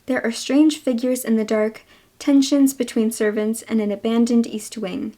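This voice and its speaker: A young woman talks casually to her viewers about books, her slightly high voice full of excited thanks. She gushes freely and fills her pauses with little ums. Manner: gushing, grateful, lots of "oh my gosh" and "um". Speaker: book vlogger. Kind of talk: casual book haul chat.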